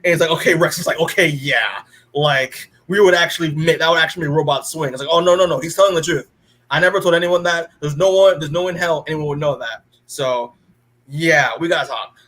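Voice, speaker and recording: A man's voice: a little high, brisk, a bit bright. A man co-hosting a podcast, recapping a comic issue in a rambling, casual way and acting out the characters' lines, with many fillers. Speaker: podcast co-host.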